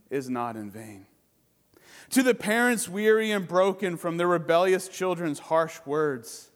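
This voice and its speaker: A man preaching from the pulpit, his voice sitting high and unhurried. His lines build to emphatic peaks, then sink to soft, hushed endings. The sound rings with the long echo of a church sanctuary. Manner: closing in slow, quiet prayer. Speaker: pastor. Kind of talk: sermon.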